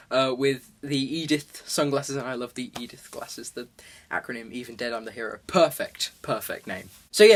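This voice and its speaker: A man giving a casual, excitable film review, filling his talk with many "like"s. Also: a little high.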